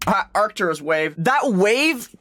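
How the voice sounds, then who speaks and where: A man giving casual gaming stream commentary, excitable and loose-tongued, swearing and bursting into laughter. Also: high voice, takes it slowly, slight background noise.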